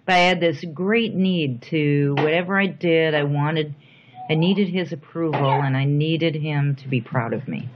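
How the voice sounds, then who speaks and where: A middle-aged woman speaking softly and reflectively in a personal interview, with thoughtful pauses. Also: low voice, noisy background. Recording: dull lo-fi recording.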